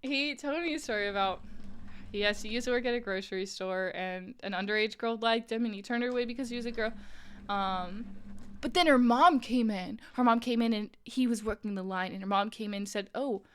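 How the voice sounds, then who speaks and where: A woman's voice: a little high, a little fast, a bit bright, a little hiss or hum. A woman streamer chatting casually with viewers while crocheting, talking in an incredulous way, laughing often and filling her talk with "like".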